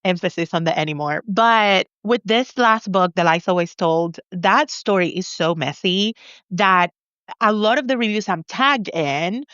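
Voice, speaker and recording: A woman author chats in a casual interview, animated and self-assured, often breaking into laughter. Her voice sits at a middle pitch and sounds dry and close. The recording is slightly dull and lo-fi. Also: smooth, no echo. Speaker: author guest.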